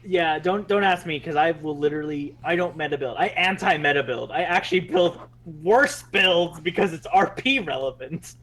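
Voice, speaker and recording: A man's voice: a little high, moderate pace, hardly any pauses, a bit bright, low-quality recording. A man running a tabletop game as its game master, chatting casually, swearing freely and laughing often.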